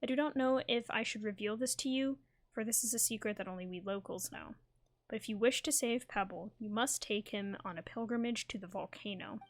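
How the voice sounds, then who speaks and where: A woman's voice: fairly high pitch, close to an everyday voice. A woman reading a polite, formal male scholar's lines aloud from a game. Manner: formal, courteous phrasing.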